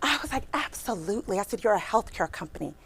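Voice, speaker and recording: A middle-aged woman recruiter giving a lively career workshop, talking fast and chatty and asking her audience questions. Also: medium pitch, gravelly, slightly rough.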